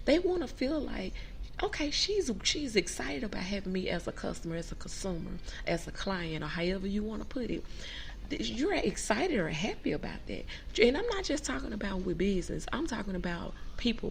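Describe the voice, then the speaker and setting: Gravelly woman giving a casual pep talk. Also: medium pitch, a little hiss or hum. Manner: preachy, conversational, acts out little quoted greetings. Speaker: podcast host.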